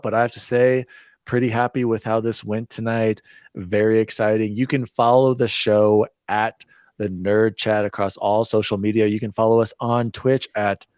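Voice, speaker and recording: A man's voice: fairly low pitch, little pitch movement, normal speed, darkish tone, clear, resonant tone, no echo, clean studio sound. A man hosting a casual gaming podcast, jokey and playful in banter. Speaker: podcast host.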